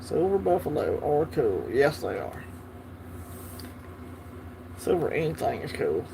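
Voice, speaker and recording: Southern guy hosting a laid back live chat, talking back to the comments, voice sits a bit high, faint hum behind. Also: big pitch swings, a little slow, creaky. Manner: chatty, easygoing, talks back to the chat. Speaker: livestream host. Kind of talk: casual livestream chat reading viewer comments.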